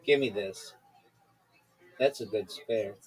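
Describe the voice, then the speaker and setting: A man's voice: fairly low pitch, takes it slowly, low-quality recording. A man hosting a podcast over a video call, chatting casually and rambling with many fillers and restarts. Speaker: podcast host. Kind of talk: casual chat.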